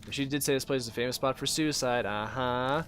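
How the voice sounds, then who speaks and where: A let's play host with a brisk, medium-pitched male voice casually commentates while playing a game. He jokes, swears and reads the game's text aloud.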